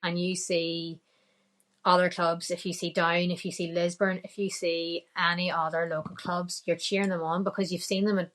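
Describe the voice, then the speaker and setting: A woman's voice: lowish voice, flat delivery, moderate pace, few pauses, a bit bright. A woman with a Northern Irish accent, a podcast guest telling a story casually, quoting her own thoughts and laughing often.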